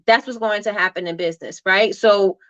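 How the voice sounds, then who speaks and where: Woman host, casual motivational chat, bright and chatty, dry close sound. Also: mid-range voice, fairly quick, dry recording, muffled recording. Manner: chatty, reads comments aloud, many fillers and "right?".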